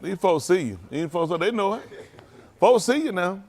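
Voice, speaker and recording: A man's voice: high voice, expressive, normal speed, darkish tone. A man, a pastor making folksy, teasing small talk with his congregation in a loose call-and-response way before the service. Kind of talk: informal pre-sermon banter with congregation. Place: congregation hall.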